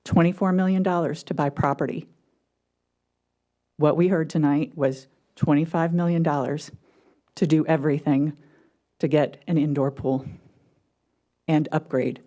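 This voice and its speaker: Male public commenter, argumentative, cites numbers; warm, darker tone. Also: on the high side, fairly even intonation, a little slow, pauses often. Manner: argumentative, citing figures. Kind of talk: public comment at a city council meeting.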